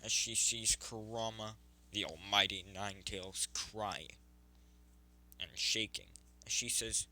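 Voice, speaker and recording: A man's voice: fairly low pitch, steady tone, slow pace, bright, forceful tone, rough recording. A man improvising a fan story narration, rambling with frequent self-corrections.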